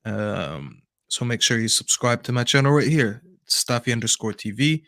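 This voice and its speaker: An easygoing man co-hosting a casual football podcast, who thinks his way to an answer out loud. His voice sits a little low and is heard dry and close, with no room sound. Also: lively intonation, moderate pace, dry recording. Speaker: co-host, streamer.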